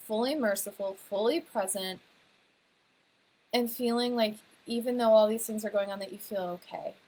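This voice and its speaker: A woman who is a naturopathic doctor, teaching in a gentle, reflective way and walking listeners through guiding questions. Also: mid-range voice, low-quality recording. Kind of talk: teaching to camera.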